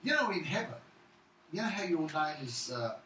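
A man's voice: on the high side, big pitch swings, normal speed, sharp tone. A man chatting casually and asking joking questions. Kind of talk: casual chat. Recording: echoey room with background noise.

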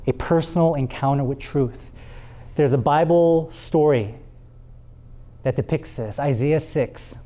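A man preaching a sermon and reading scripture aloud, with dramatic pauses and words repeated for emphasis. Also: on the high side, dark tone. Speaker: pastor.

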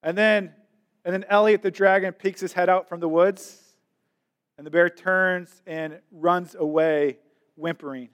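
A man's voice: high voice, steady tone, unhurried, fairly bright tone. A male pastor preaching a sermon in an emphatic way, repeating words as he drives his points home.

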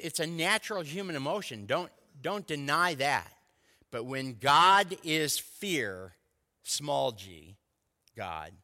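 A male pastor delivers his sermon in a bright, animated voice that moves a lot in pitch. He speaks slowly, with deliberate emphasis, and his words ring out with a long hall reverb around them. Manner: animated preaching with slow emphatic stresses. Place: church sanctuary.

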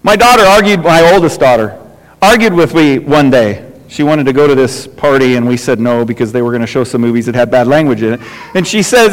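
A man's voice: medium pitch, expressive, a little fast. A middle-aged man, a pastor, preaching a conversational sermon with lots of repetition and rhetorical questions. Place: church sanctuary. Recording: reverberant church hall.

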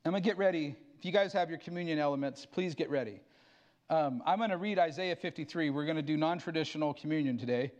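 High-voiced man preaching a sermon. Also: fast, highs cut off. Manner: fervent preaching with sudden drops to quiet asides. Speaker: pastor.

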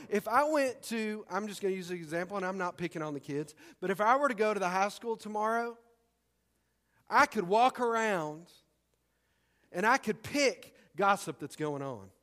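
A man's voice: high-pitched, a bit bright. A man preaching a sermon as pastor in a church, conversational and punchy with emphatic repetition. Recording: long hall reverb.

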